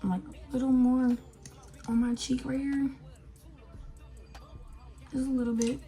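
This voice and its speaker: A young woman gives a makeup tutorial, addressing viewers casually with lots of fillers as she goes. She speaks slowly in a high, mellow, level voice, and faint music plays behind her.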